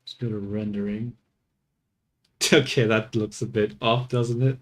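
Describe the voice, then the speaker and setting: A man's voice: fairly low pitch, fairly even intonation, measured pace. A man streaming his 3D work, talking casually to himself as he goes, swearing offhand and laughing at his mistakes. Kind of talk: casual think-aloud commentary while working.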